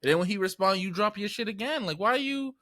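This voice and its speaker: Animated, lively-voiced young man riffing. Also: fast talker, no echo, studio quality. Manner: animated, profane, swings into high excited outbursts. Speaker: podcast co-host. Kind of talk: casual chat.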